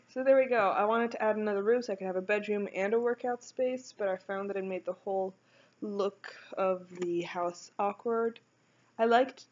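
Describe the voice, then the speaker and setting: A woman's voice: mid-range voice, muffled recording. A young woman rambling casually over a video game build, often stopping to correct herself. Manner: rambling, chatty, self-correcting.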